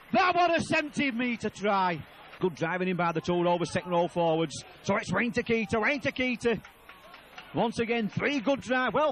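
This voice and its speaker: A man commentating on a rugby league match, calling play by play, repeating player names and shouting at tries. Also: very high voice.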